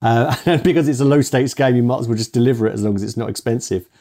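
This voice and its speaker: A man hosting a podcast who reflects on what he has seen in a measured way. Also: medium pitch, dark tone. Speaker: podcast host. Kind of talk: casual interview talk.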